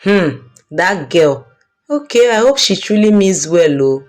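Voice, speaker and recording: A woman's voice: fairly low pitch, sing-song, a little slow, a little mellow, faint music behind. A woman voicing an older mother who earnestly warns her daughter. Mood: alarmed. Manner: warning, earnest and urgent. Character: worried, protective older mother.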